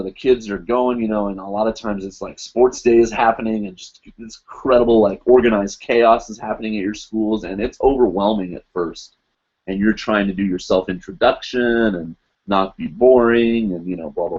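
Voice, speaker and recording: A man's voice: on the low side, darkish tone, muffled recording. A man hosting a casual live stream, answering viewer questions and reading comments aloud in a rambling, easygoing way.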